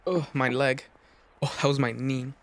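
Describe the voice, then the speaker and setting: A man's voice: mid-range voice, fairly even intonation, moderate pace. A man reading a visual novel aloud, stumbling over words now and then and correcting himself. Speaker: reader.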